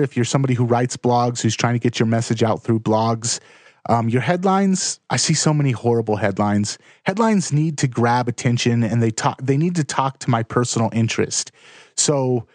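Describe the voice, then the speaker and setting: A man's voice: medium pitch, darkish tone, no echo. Blunt, dry-sounding man in his thirties. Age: 30s. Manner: direct, plain-spoken, emphatic. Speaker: blogger giving writing tips. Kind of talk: casual instructional talk to camera.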